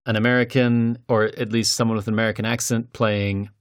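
A man hosting a podcast in casual chat, thoughtful and measured, laughing between points. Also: lowish voice, little pitch movement. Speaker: podcast host.

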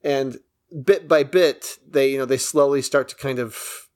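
A man co-hosting a casual film podcast, walking through a movie's story with obvious enthusiasm. His voice sits at an ordinary middle pitch, and he keeps the plot retelling going at length. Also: unhurried, a little mellow. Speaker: podcast co-host. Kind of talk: casual film review chat.

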